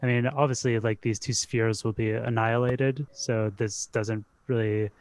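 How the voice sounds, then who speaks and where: A man's voice: medium pitch, fairly even intonation, moderate pace. A man hosting a podcast in casual discussion, talking hesitantly and leaning heavily on "like". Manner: hesitant, heavy use of "like". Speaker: podcast host. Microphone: remote call.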